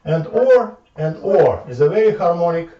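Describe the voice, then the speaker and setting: A man's voice: fairly high pitch, animated. Man lecturing in an echoey room. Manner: halting, repeats words, thinks aloud at the board. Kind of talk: informal math lecture. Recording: echoey room from far off, dull lo-fi sound.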